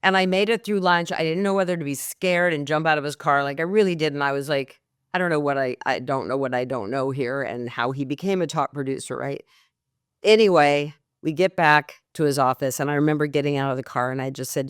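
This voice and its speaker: A middle-aged woman, a mortgage coach, telling a candid, lively story as a podcast guest. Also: low voice, moderate pace, clean tone, dry recording, clean studio sound.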